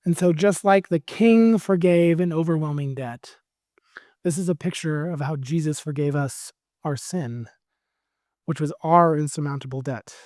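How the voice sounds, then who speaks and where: Man, American accent, pastor, conversational sermon, fairly high voice, dry sound. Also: dry recording. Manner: conversational, animated storytelling.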